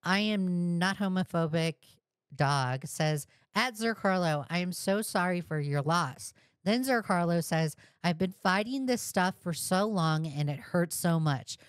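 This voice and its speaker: A woman giving reaction commentary in an unhurried, drawn-out way. She swears a lot, mocks what she hears and breaks into excited yelling. Her voice sits close and dry, with no room sound. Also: on the low side, clear, resonant tone, no room sound. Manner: profane, mocking, excitable outbursts. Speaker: commentary streamer.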